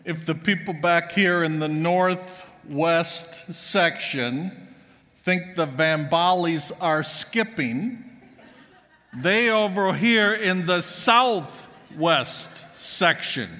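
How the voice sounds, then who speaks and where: A man's voice: a little high, extremely slow, sharp tone. A man preaching a sermon as pastor, telling funny stories to his congregation. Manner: joking storytelling to the congregation. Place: church sanctuary. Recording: church hall reverb.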